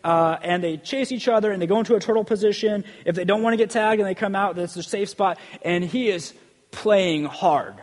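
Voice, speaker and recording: A man's voice: sits high, fairly quick, big-room sound. A man preaching a sermon in a loose, conversational way, often checking in with "okay?" and building energy as he tells stories. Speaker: preacher and school PE teacher.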